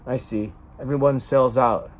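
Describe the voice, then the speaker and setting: A man's voice: medium pitch, fairly even intonation, measured pace. A man in an emotional personal monologue, talking dramatically and swearing often. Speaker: vlogger.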